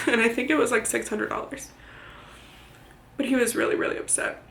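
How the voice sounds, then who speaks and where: Young woman, grieving, close to tears, raised pitch, gravelly edge, echoey room. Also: fairly even intonation, bright, forceful tone, slight background noise. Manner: candid, halting, swears. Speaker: vlogger. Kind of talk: personal storytelling to camera. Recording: roomy echo.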